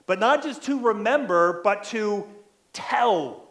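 Male pastor, high voice, conversational sermon, habitual "right?" tags. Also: lively intonation, slow, fairly bright tone, echoey room. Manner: frequent "right?" tag questions, acts out quoted lines.

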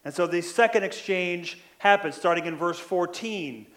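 A man's voice: high voice, moderate pace, fairly bright tone, reverberant. A male pastor preaching a sermon, often checking in with "right?" and acting out quoted lines. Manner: frequent "right?" tag questions, acts out quoted lines.

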